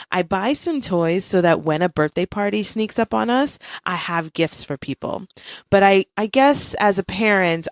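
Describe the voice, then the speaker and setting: A woman in her thirties hosts a casual podcast chat, telling a family story with lively swings and quick laughs. Her voice sits a little low. The sound is close and dry. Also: dry recording. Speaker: podcast host.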